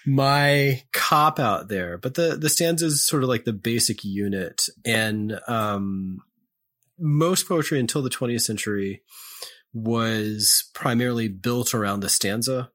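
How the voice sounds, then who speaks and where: A man hosting a podcast, casually explaining poetry in a halting way, often clearing his throat and correcting himself. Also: mid-range voice, a bit bright.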